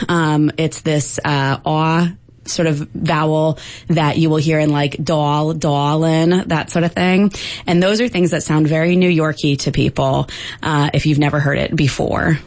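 A woman's voice: low-pitched, fairly even intonation, measured pace. A woman professor of linguistics answering interview questions, explaining step by step with some fillers.

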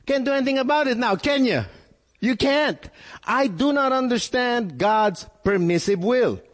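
A male pastor preaching a sermon, with animated delivery, sudden rises in pitch and frequent repeated words. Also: a little slow, long reverb tail.

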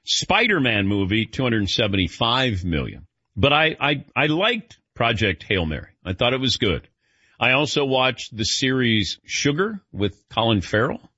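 A man's voice: mid-range voice, sing-song, unhurried, sharp tone, breathy edge, dry recording, lo-fi sound. A man hosting a radio show, chatting casually and animatedly telling stories while calling on his cohosts by name. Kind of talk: casual on-air banter.

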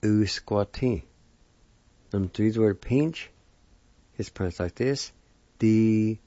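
A man giving a vocabulary lesson, spelling each word letter by letter and repeating the pronunciation slowly and carefully. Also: on the low side, expressive, dark tone, no echo. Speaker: language teacher. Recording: dull lo-fi recording.

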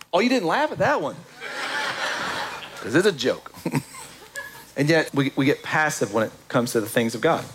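A man preaching a sermon in a conversational, joking way, with asides to his congregation. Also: a little high. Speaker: pastor.

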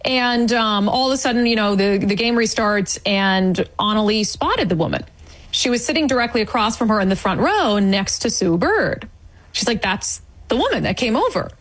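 A woman guest recounting an event in an interview, indignant and animated, acting out quoted remarks. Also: a little high, normal speed, rough recording. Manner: indignant, storytelling with quoted asides. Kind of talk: animated eyewitness account.

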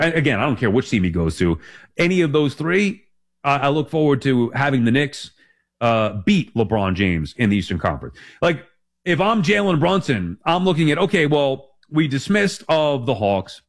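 A man in his forties hosting a sports talk show, rambling and emphatic as he corrects himself. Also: fairly high pitch. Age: 40s.

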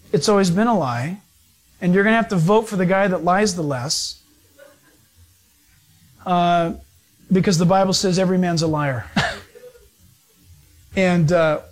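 Preacher, male, high-pitched, loose and jokey sermon, lively swings in pitch. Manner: rambling, jokey, laughs often, acts out characters; animated, jumps in pitch when quoting. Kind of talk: informal sermon.

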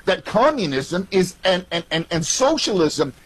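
A man with a high, husky voice, a guest on a radio show. He trips over his words in restarts while joking about his troubles. Loose, chatty talk radio. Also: sing-song, unhurried, faint music behind. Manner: stammering restarts, playful complaints. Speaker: guest host of another show. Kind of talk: casual talk radio banter.

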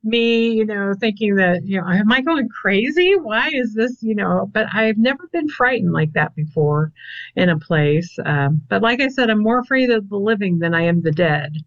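A woman's voice: mid-range voice, lively intonation, normal speed, no room sound, highs cut off. A woman answering interview questions, telling stories in a chatty, easygoing way and laughing easily. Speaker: paranormal investigator guest.

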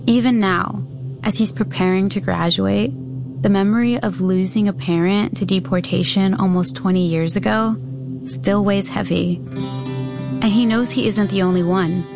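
A woman reporter giving a scripted, measured news narration. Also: mid-range voice, vocal fry, over music. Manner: measured, even storytelling delivery.

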